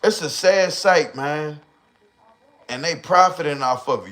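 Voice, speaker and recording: A man with a slightly high voice hosts a livestream at a measured pace, ranting in slang-heavy, profane language. He's an animated storyteller who acts out the people he mentions in their own voices.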